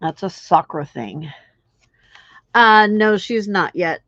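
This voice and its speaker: A woman's voice: medium pitch, expressive, slow pace, a bit bright, dry recording. A woman hosting a late-night crafting livestream, chatting with viewers and giggling often. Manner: chatty and giggly, answering comments while crafting. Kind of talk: casual chat with live chat viewers. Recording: dull, muffled lo-fi stream audio.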